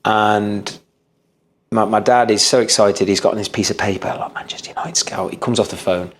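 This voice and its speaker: A man's voice: on the low side, steady tone, moderate pace. A man, a podcast guest telling his story earnestly, often restarting and repeating words. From England. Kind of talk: storytelling interview.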